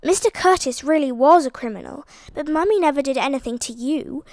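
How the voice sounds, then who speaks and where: A bold, impatient schoolgirl who talks bluntly and scolds, as a woman reads her aloud. The voice pitches up high and is captured close and dry, storybook style. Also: lively intonation, fairly quick, darkish tone, no echo. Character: bold, impatient teenage girl detective.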